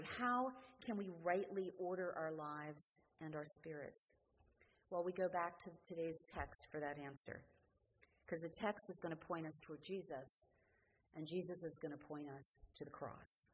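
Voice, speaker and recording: A woman delivers a sermon in an earnest, questioning way, her lines often sinking soft at the close. Her voice sits a little low, and it rings out with the long reverb of a church, over a faint hiss. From New Jersey. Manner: earnest, questioning, dropping to quiet endings. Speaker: preacher.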